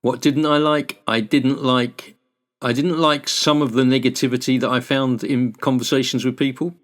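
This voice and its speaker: A man's voice: medium pitch, fairly even intonation, moderate pace. An older man from the United Kingdom, a podcast co-host, chatting casually and telling anecdotes. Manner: chatty anecdotal storyteller, acts out exchanges. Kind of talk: casual chat.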